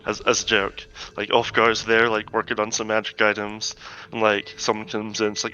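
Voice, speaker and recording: A man's voice: fairly low pitch, moderate pace, muffled recording. A man playing a tabletop game, chatting casually and telling jokes animatedly. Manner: animated joking storytelling. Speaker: player. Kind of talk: casual chat.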